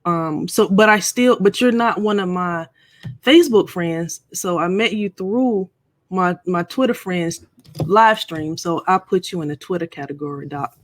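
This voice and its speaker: A woman's voice: on the low side, unhurried. A middle-aged woman hosting a casual live stream, chatting and playfully teasing viewers.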